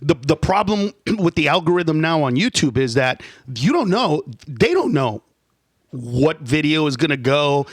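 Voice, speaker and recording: A man with a high-pitched voice sits in as a comedian guest in a radio studio, rambling from one story to the next in an animated way. The sound is close and dry. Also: no room sound. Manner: animated, rambling, quick to jump into stories. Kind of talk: casual studio banter.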